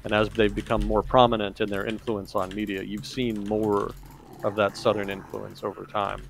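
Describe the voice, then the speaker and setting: A man's voice: on the low side, flat delivery, moderate pace, creaky, slight background noise. A man, hosting a podcast and explaining at length in a rambling way. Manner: rambling, explanatory, heavy on "kind of" and "you know". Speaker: podcast host. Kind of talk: casual talk-show discussion.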